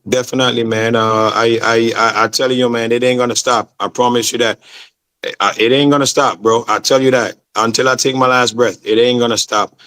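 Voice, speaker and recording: A man's voice: mid-range voice, fairly even intonation, a little fast, a bit bright. A man from Saint Vincent, talking passionately as an interview guest and repeating "man" and "bro". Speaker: football promoter, guest. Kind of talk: casual interview chat.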